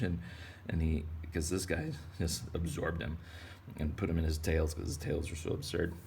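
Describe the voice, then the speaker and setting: A man from Texas leads a kids' drawing lesson in a rambling, playful way. His voice sits very low with a gravelly fry, and a faint hiss runs underneath. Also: fairly even intonation, normal speed. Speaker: art teacher.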